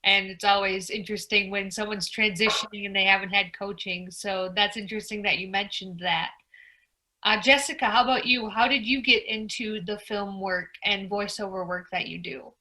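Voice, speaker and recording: A woman's voice: medium pitch, steady tone, moderate pace, sharp tone, low-quality recording. A woman hosting a panel in a conversational way, reacting to answers and asking follow-up questions. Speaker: panel host. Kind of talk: casual chat.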